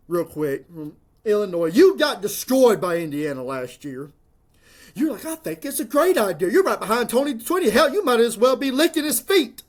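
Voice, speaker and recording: A college football commentator, ranting to the camera in a sarcastic, mocking, rambling way. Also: mid-range voice. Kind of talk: sports rant to camera.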